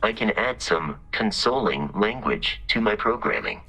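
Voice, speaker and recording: An actor voicing a polite, analytical robot companion in a video game, speaking in formal, precise phrasing with a husky, gravelly voice. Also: male voice, on the low side, big pitch swings, measured pace, sharp tone, full character voice, poor audio. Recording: game audio with faint music.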